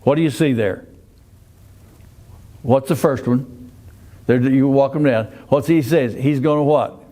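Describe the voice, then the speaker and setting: A man's voice: mid-range voice, a little slow, mellow. An older man teaching a Sunday school Bible class in a folksy way, often asking the class questions and restarting his phrases.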